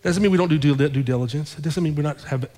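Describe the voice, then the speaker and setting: Man, pastor, sermon storytelling, animated, repeats phrases, higher voice, reverberant church. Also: quick pace. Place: church sanctuary.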